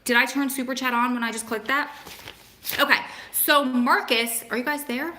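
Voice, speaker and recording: A woman's voice: high-pitched, steady tone, moderate pace, sharp tone, slight background noise. A young woman hosting a casual livestream, chatting with viewers by name and reading aloud to them. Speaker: host of a livestream for prison families. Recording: echoey room.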